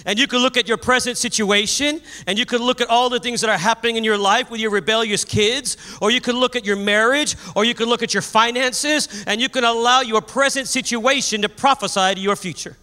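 A man preaching a sermon, telling a story with animated energy and raising his voice at the high points. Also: brisk, few pauses. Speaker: pastor. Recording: long hall reverb.

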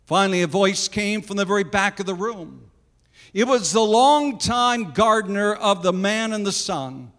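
Male preacher, high voice, earnest storyteller, long hall reverb. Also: lively intonation, moderate pace, fairly bright tone. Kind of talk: sermon illustration storytelling.

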